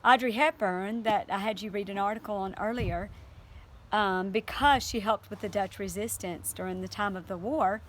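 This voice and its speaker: A woman's voice: mid-range voice, steady tone, moderate pace, slight background noise. A woman teacher reading aloud to her class and then talking it over earnestly, with fillers and restarts.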